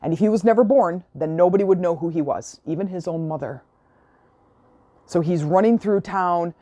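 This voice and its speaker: A woman talks straight to her listeners in a heartfelt, motivational podcast monologue. Her voice sits a little low and sounds mellow. The recording is dry and close, with no room sound. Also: moderate pace, no echo. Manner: earnest, motivational, emotional. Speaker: podcast host.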